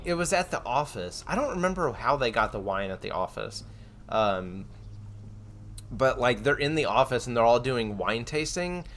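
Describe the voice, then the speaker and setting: A man's voice: mid-range voice, a bit bright, a little hiss or hum. A young man streaming, chatting casually and rambling with frequent fillers, restarts and laughs. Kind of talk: casual chat.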